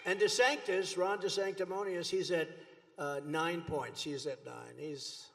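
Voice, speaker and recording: An American man in his seventies speaks at a political rally, rambling from point to point with boastful, mocking asides. His voice sits high for a man. It rings out with the long reverb of a big rally hall. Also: fairly even intonation, unhurried, gravelly, fairly bright tone. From United States. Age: 70s. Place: large rally venue before a crowd.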